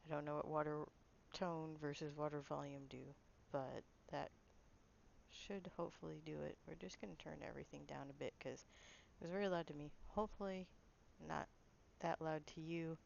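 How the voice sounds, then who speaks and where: Low gravelly woman streamer. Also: steady tone, normal speed, darkish tone, dull audio, slight background noise. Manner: apologetic, chatty, laughs at herself. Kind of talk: casual gameplay chat.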